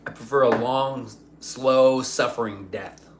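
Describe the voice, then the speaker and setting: A man's voice: medium pitch, fairly even intonation, measured pace, noisy background. A young adult man rambling profanely in casual livestream chat, reading his chat aloud. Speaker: streamer.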